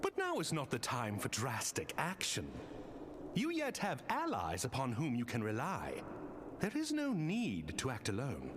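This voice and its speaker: A courtly fantasy game ally whose voice rises and falls in sweeping, highly animated arcs. He speaks in earnest, old-fashioned phrasing, with steady noise underneath the game audio. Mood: earnest counsel. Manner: archaic, measured and earnest. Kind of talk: video game dialogue.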